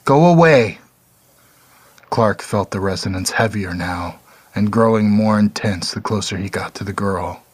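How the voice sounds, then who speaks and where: A man narrating a dark story in a measured, somber reading. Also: on the low side, steady tone, breathy edge.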